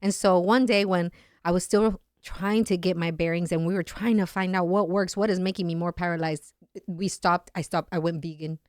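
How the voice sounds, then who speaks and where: A lively woman with a somewhat low voice tells a personal story as a podcast guest and slips into the voices of the people in it. She is recorded close and dry on a studio mic. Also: normal speed, no echo. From Latin America. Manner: animated, acts out quoted voices. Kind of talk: casual storytelling.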